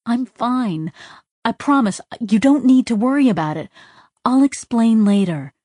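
A woman narrator voicing an artificial girl who answers in a steady, soothing, evasive way. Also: fairly high pitch, a little slow, no room sound, clean studio sound, voice pushed up. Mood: calm reassuring.

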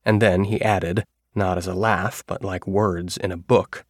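A man narrating a first-person story in a measured audiobook style. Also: low-pitched, fairly even intonation, no room sound, studio quality.

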